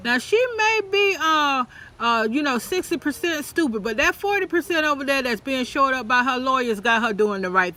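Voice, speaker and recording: A man giving a sassy, animated opinion commentary on a reality show, acting out quotes in a mocking voice. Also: very high voice. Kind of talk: casual opinion vlog.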